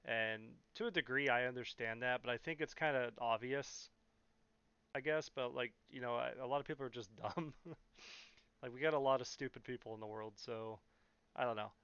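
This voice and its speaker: A man's voice: mid-range voice, normal speed, fairly bright tone, clear, resonant tone, no room sound. A young man in California rambling through a casual question-and-answer vlog, full of fillers and blunt swearing. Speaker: YouTuber. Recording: dull, muffled, dry sound.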